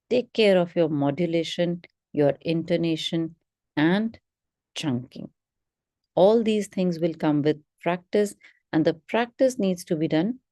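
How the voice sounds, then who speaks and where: A woman leads a test-prep webinar, speaking slowly and deliberately and leaning on important words. Her voice is lowish and mellow. The sound is dry and close. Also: no room sound. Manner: instructive, stresses key words, slow model readings. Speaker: English test prep teacher. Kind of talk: webinar teaching.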